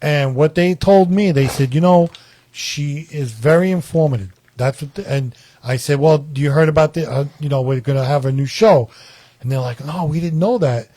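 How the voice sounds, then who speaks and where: A man hosts a relaxed chat show from a small studio, circling back and repeating himself as he talks. His voice sits a touch high and sounds close and dry, with almost no room around it. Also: normal speed, no room sound. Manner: talkative, repeats himself and restarts often. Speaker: talk show host.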